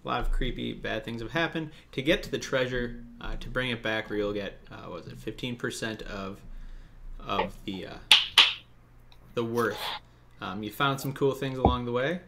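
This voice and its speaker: A man narrating as dungeon master of a tabletop game, with many pauses and restarts. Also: medium pitch, creaky, noisy background.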